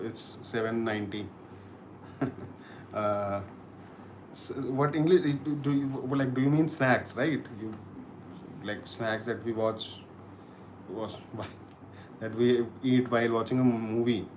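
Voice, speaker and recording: A man's voice: mid-range voice, fairly even intonation, takes it slowly, slight background noise. A man from Kashmir hosting a casual live stream, reading comments and thanking viewers with lots of restarts. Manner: chatty, repeats words and restarts, thanks viewers. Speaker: livestream host.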